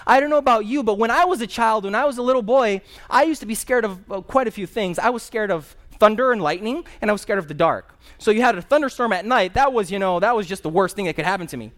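A man's voice: high voice, expressive, quick pace, few pauses, a bit bright. Man preaching a storytelling sermon. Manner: conversational storytelling with personal asides. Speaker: pastor.

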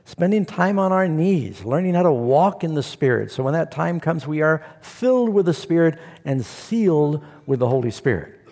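A man preaching a sermon to a congregation, telling a story with animated asides. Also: fairly high pitch, normal speed, hardly any pauses. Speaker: pastor. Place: church hall before a congregation. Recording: long hall reverb.

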